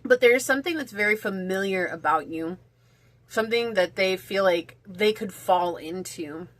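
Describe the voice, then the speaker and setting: A woman gives a casual pick-a-card tarot reading, chatty and rambling and using "like" a lot. Her voice is medium-pitched at a normal speed, with no echo.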